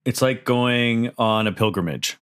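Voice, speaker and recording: A man's voice: medium pitch, unhurried, a bit bright, clean tone. A man from western Canada joking casually as a player on a tabletop game podcast. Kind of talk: casual chat.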